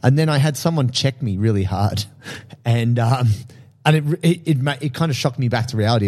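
Male podcast co-host, mellow tone, animated storyteller who laughs often. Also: mid-range voice, brisk. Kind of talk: casual podcast chat.

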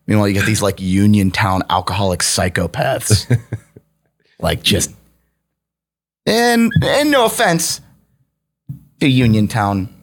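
Man, low-pitched, casual storyteller, profane, laughs a lot. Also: slow, pauses often. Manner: profane, laughing, animated anecdotes. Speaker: podcast guest storyteller.

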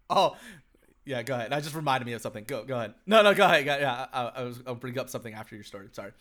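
A man's voice: on the high side, pushed and bright. A young man co-hosting a podcast, chatting casually in a rambling way, swearing a lot, laughing often and saying "like" constantly. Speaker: podcast co-host. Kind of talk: casual chat.

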